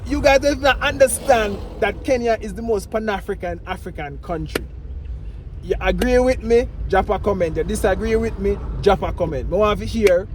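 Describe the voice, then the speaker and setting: A Jamaican man with a fairly high voice chats loosely to his audience, circling back to the same catchphrases. Traffic and street noise sit loud behind him in the outdoor recording. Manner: rambling, repeats "you know what I mean" and "family". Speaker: vlogger. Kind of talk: casual talk to camera.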